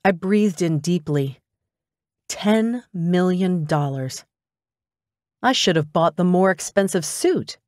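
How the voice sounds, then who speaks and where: A woman narrates a first-person audiobook in a lively, eager way. Her voice sits on the lower side for a woman. The recording is close and completely dry. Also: moderate pace, few pauses, no room sound.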